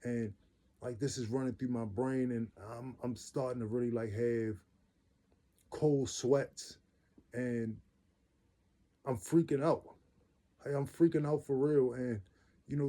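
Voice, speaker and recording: A man tells his own story in loose, everyday speech. His voice is mellow and dark, set at an ordinary middle pitch. He talks earnestly and leans on repeated phrases for weight. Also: steady tone, measured pace, pauses often. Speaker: vlogger telling his own life story. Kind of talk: casual personal storytelling.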